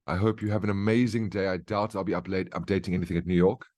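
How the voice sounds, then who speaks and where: Talking fast in a low, darkish voice with fairly even intonation, this trading educator gives a casual market briefing over charts. He lays out his reasoning conversationally and keeps checking in with the listener through "right?" and "okay?". The sound is clean studio quality with no room sound.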